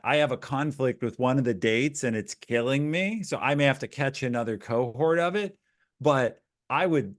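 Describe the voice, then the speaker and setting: A man hosting a live webinar, talking loosely and telling stories, often restarting his sentences. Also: on the high side. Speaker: host. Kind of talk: casual webinar conversation.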